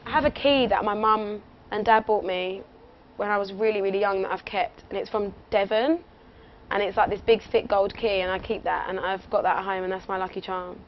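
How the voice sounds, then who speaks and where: A woman's voice: medium pitch, fairly even intonation, fairly quick. Chatty young English woman, muffled audio. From England. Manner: chatty, giggly, rambling with fillers. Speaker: interview guest, singer. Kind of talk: casual radio interview chat. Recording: muffled lo-fi audio with faint noise.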